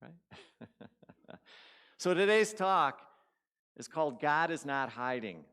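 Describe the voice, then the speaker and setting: A man's voice: medium pitch, lively intonation, slow, long pauses, a bit bright, clean tone. A man giving a sermon in a church, telling a story conversationally and putting questions to the congregation. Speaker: guest speaker at a spiritual community.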